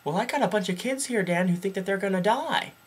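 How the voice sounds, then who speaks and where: Brief: indignant, nagging phone customer, a father, as a young man puts him on; whiny and reproachful, pitched up, husky. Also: fast. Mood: complaining. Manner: whiny, accusing, repeats the clerk's name.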